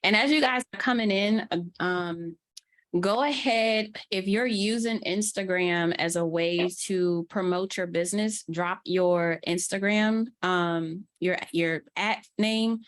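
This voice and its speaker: A woman's voice: mid-range voice, takes it slowly. Upbeat woman with a New Orleans accent. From New Orleans, USA. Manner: chatty, upbeat, laughs easily, Southern slang. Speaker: guest mentor, social media coach. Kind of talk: casual online class teaching.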